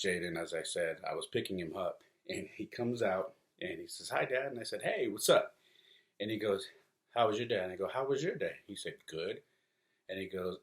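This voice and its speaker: Podcast host, forties, very low-pitched man, casual rambling delivery full of ums and restarts. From California. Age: 40s. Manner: rambling, conversational, many fillers and restarts. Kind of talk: casual solo podcast monologue.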